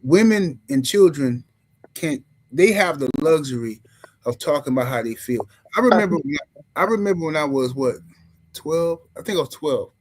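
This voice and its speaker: Male podcast host, fairly high voice, animated storyteller, swears freely. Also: moderate pace, a little hiss or hum, low-quality recording. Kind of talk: podcast commentary.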